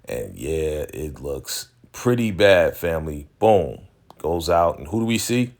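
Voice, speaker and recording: Very deep-voiced man recapping a TV episode. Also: measured pace, vocal fry. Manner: animated storytelling, frequent "right?" and "you know" fillers. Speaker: recap show host.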